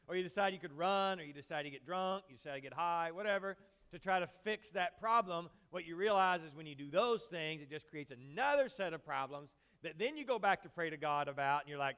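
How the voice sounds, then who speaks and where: A man preaches from the pulpit with a handheld microphone, talking to his congregation in a loose, joking way. His voice is bright and forward and sits somewhat high for a man. He keeps it conversational rather than booming. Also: a little fast, smooth. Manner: casual, joking, talks straight to the congregation. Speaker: pastor. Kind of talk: conversational sermon.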